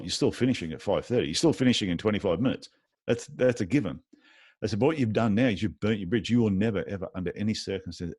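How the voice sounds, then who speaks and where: A man with a fairly low voice talks as a guest in a casual interview, recorded dry and close. He runs a podiatry clinic and tells his stories by acting out the exchanges between the people in them. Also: a little mellow, dry recording. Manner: tells anecdotes with lots of reported dialogue.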